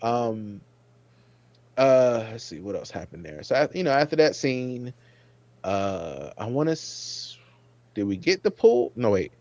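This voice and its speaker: A man's voice: medium pitch, unhurried, no room sound, lo-fi sound. Rambling man reviewing a TV episode. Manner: rambling, animated when quoting his own reactions. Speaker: podcast host. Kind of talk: casual TV episode review chat.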